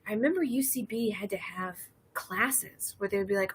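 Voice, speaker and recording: Breathy woman, thirties, loose chatty livestream host, giggly storyteller. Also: medium pitch, lively intonation, a little fast. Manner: rambling, laughing storyteller reading chat. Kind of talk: casual drinking livestream chat.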